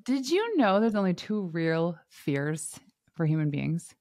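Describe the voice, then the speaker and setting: A woman hosting a podcast in casual interview chat, animated and laughing often as she acts out what others said. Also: lowish voice, a little slow, no echo, clean studio sound. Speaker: podcast host.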